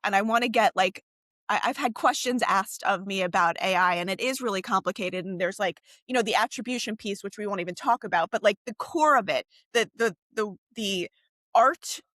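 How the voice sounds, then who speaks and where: A woman co-hosting a podcast talks in a loose, rambling way, full of "like" and "you know" and restarts. Her voice sits at an ordinary middle pitch and is recorded close and dry, with no room sound. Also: a little fast, fairly bright tone, no room sound. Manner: chatty, many fillers and restarts. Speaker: podcast co-host. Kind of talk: casual podcast discussion.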